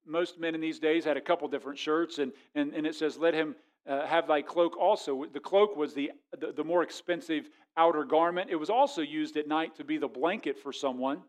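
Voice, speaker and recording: A middle-aged man preaching a sermon as a pastor, conversational and storytelling, often restarting his words and swinging from quiet to loud. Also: fairly high pitch, a little fast, hardly any pauses.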